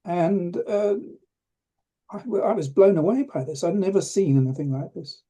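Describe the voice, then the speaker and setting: Speaking at a moderate pace in a high, mellow voice, a retired professor of rheumatology from England recounts a story as an interview guest. The older man is reflective and hesitant, restarting often, his humor dry.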